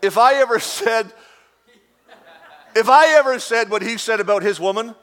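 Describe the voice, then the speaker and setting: A male pastor delivers a sermon in a notably high voice. He drives his points home with repetition and loud emphasis, then eases into humorous asides. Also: moderate pace.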